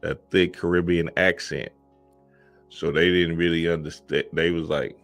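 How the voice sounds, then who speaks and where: A man's voice: low-pitched, steady tone, normal speed, faint music behind. A man talking in a casual, emphatic monologue, often asking "you feel me" and acting out quoted voices. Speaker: spiritual content creator.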